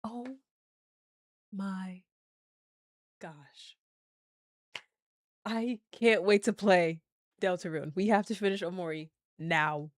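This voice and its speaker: A woman gaming streamer talking casually and excitably with her live chat. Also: mid-range voice, slow, long pauses, dry recording, clean studio sound. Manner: excitable, chatty, talks to chat.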